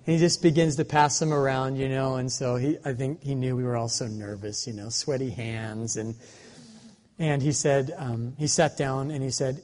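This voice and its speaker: A man in his forties preaching a sermon, telling a story in an animated, humorous way. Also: medium pitch, unhurried. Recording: long reverb of a large hall.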